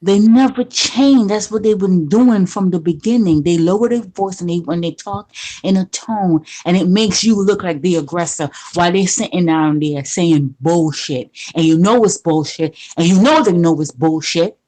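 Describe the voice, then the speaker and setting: A woman's voice: on the low side, moderate pace, mellow. A woman in a casual chat, talking in a rambling, conversational way with emphatic repeats.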